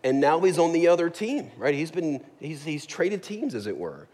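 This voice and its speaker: A man's voice: on the high side, very animated, moderate pace, darkish tone, breathy edge. Male pastor, chatty sermon, asks the room "right?", long reverb of a church hall. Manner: conversational, jokey, asks the congregation "right?". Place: church sanctuary.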